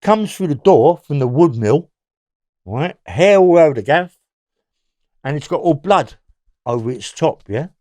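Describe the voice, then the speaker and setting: An older London-accented man from England tells old prison stories as an interview guest, rambling, blunt and swearing freely. The voice is a little high, animated and mellow, a little slow with long pauses, on a dry recording.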